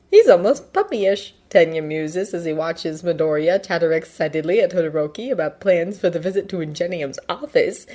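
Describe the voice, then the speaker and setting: Woman narrating a fanfiction audiobook. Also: mid-range voice. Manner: expressive, lively reading. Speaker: fanfiction reader.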